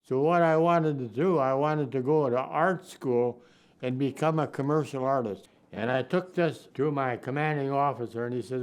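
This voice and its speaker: A man's voice: mid-range voice, moderate pace, clear, resonant tone. A man over a hundred years old, a war veteran from Minnesota, telling his memories in a documentary interview and acting out the remembered dialogue. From Minnesota, United States. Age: 100s. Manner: reflective, acts out remembered dialogue.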